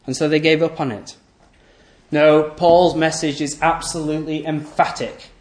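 A male preacher with a slightly high voice delivers an emphatic sermon. He repeats key phrases, poses rhetorical questions, and lets his sentences fall away low and soft. The room around him is echoey. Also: flat delivery, moderate pace. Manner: voice often drops low and soft at the end of phrases.

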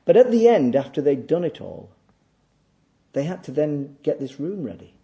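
A man preaching a sermon, emphatic and repetitive, swinging between loud declaiming and quiet asides. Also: fairly high pitch, sing-song, moderate pace, gravelly. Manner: emphatic, repeats phrases for stress. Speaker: pastor.

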